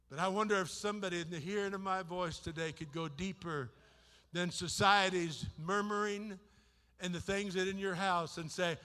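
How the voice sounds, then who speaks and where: Male preacher, high voice, shouts then hushes, reverberant church hall. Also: moderate pace. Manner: impassioned, swings from shouting to hushed. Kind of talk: sermon. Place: church sanctuary.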